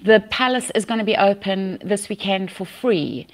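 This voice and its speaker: A woman's voice: medium pitch, animated, moderate pace. A South African woman hosts a casual news podcast. She talks in a chatty, easygoing way, laughing often and restarting her sentences. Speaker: podcast host.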